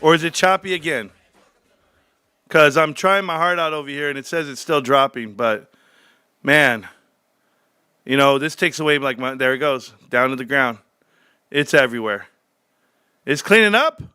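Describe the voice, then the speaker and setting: A man hosting a livestream, ranting brashly and cursing, swinging from low muttering to shouting excitement. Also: normal speed, long pauses, smooth, dry recording, studio quality. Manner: profane, brash. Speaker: livestream host. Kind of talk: casual livestream rant.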